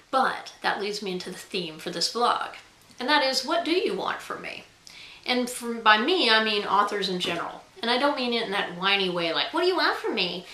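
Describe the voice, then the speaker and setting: A woman's voice: medium pitch, sharp tone, roomy sound, poor audio. A woman author talking casually straight to camera in a chatty, self-deprecating way, with frequent ums. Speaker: author and guest vlogger.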